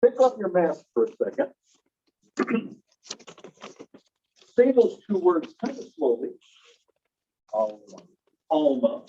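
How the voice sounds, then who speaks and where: A middle-aged man teaching a language class in a chatty, animated way, often asking the class questions. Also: high voice, takes it slowly, long pauses, lo-fi sound, a little hiss or hum. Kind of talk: classroom lecture.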